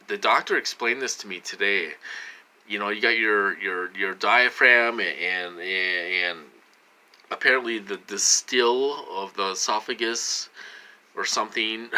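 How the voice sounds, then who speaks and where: Rambling middle-aged man, very bright voice. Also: fairly low pitch. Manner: rambling, repetitive, addresses viewers often. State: short of breath. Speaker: vlogger. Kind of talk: casual vlog monologue.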